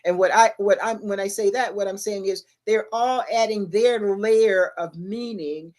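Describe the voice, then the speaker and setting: A woman's voice: mid-range voice, measured pace, darkish tone. A middle-aged woman co-hosting a late-night talk stream, speaking emphatically about spirituality and asking rhetorical questions. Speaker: podcast co-host. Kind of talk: casual livestream talk.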